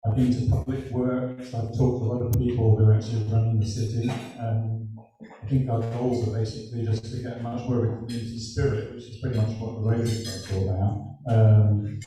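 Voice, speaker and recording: An English man speaking informally at a club meeting as a city council candidate, halting and filling pauses with um and uh. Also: medium pitch, little pitch movement, warm tone, faint music behind. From England. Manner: halting, with many ums and uhs. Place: meeting room. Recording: roomy hall, voice from far off the mic.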